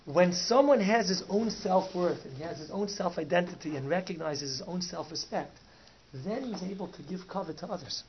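A man, a rabbi, telling a story in a Torah talk, sprinkling in Yiddish and Hebrew words and swinging from soft to loud. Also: high-pitched, expressive, normal speed. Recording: dull lo-fi recording with faint noise.

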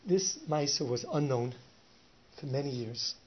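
A man telling a story with lively energy, often laughing and slipping in Yiddish words. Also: medium pitch, a little slow. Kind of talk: animated oral storytelling. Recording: dull lo-fi recording with faint hiss.

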